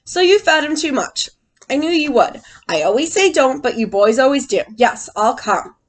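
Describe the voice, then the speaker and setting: A weary storybook fish seller tuts in a dry, knowing way. A woman voices him. His pitch still moves a lot. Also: very animated, moderate pace. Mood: tutting. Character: weary know-it-all old male fish seller.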